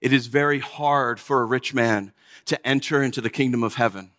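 A man in a dramatic sermon voicing a solemn, calm male holy teacher who speaks slowly and gravely. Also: mid-range voice, voice pushed down, close to an everyday voice. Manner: slow, grave, hushed.

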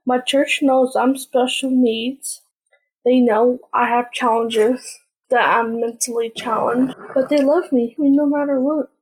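High, slow, breathy-voiced woman. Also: fairly even intonation, rough recording. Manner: earnest, plain short sentences. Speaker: podcast host. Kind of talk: casual personal storytelling.

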